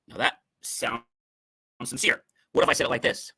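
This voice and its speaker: Emphatic bright-voiced male motivational host. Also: measured pace, vocal fry, long pauses, husky. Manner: emphatic, varies stress and tone to demonstrate meaning; salesy, upbeat sign-off pitch. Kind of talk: motivational talk.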